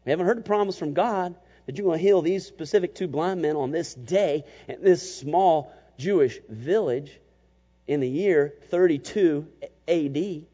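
A man preaching a sermon as pastor, animated and emphatic, sometimes slipping into mocking voices to make a point. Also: fairly high pitch, normal speed. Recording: muffled, long church reverb.

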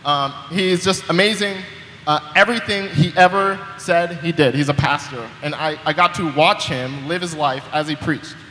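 A man's voice: on the high side, normal speed, sharp tone, slight background noise. A young man preaching a sermon in a conversational way, often repeating words as he starts a sentence, recorded in a church hall. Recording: echoey hall with long reverb.

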